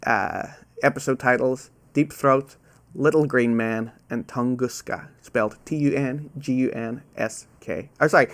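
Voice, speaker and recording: A man's voice: medium pitch, gravelly. Man, quizmaster, casual, self-deprecating, repeats questions, struggles with "ow" sounds, webcam at home. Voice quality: trouble saying "ow" sounds. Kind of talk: hosting a live online trivia quiz.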